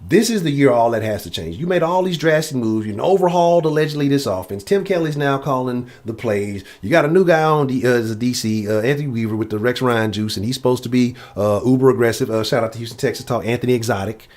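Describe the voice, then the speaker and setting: A man hosting a live sports talk show, casual and profane, often jumping up in pitch when he mimics critics. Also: fast talker, hardly any pauses, darkish tone. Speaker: sports podcast host.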